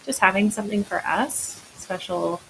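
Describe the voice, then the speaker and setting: A woman's voice: medium pitch, moderate pace, vocal fry, poor audio. A woman from Vancouver Island, a kayak angler telling fishing stories in a casual interview chat. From Vancouver Island, Canada. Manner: lively storyteller, acts out her own reactions. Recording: faint hiss.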